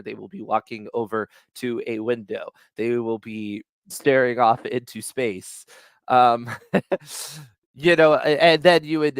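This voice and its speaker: Smooth-voiced man teaching writing. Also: mid-range voice, no room sound. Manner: conversational, many fillers and restarts, chuckles often. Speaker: writing instructor. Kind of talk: casual teaching talk.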